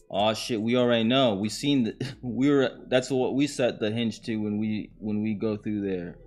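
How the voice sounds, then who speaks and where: A man's voice: on the low side, steady tone, moderate pace, hardly any pauses, a little mellow, faint music behind. A man hosting a live-streamed podcast, joking and reacting to clips in a casual, slangy way. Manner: uses slang and swearing. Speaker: podcast host.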